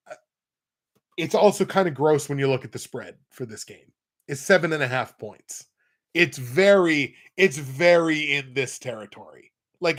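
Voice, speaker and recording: Young male host, higher-pitched, loose and wry, talking through betting picks. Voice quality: nasal when pinching nose. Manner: rambling, self-correcting, wry asides. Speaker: sports picks show host. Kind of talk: casual football betting talk.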